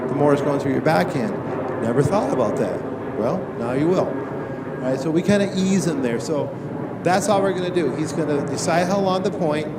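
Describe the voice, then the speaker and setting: On a tennis court, a man gives a live coaching demonstration, firing quick, lively questions at his players and the coaches looking on. His voice sits a little high, and the recording is reverberant with background noise.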